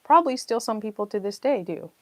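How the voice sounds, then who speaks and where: A woman's voice: mid-range voice, animated, fast, dry recording. A middle-aged woman from New Brunswick, chatting and telling a story while hosting a puzzle livestream. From New Brunswick, Canada. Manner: chatty storytelling, reading viewer chat aloud. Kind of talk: casual livestream chat.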